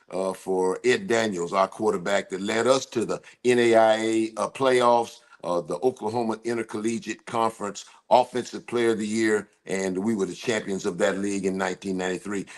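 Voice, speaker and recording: Older man talking college football. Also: on the low side. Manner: loud, joking, drawling sports banter. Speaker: host, former football coach. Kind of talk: casual sports talk.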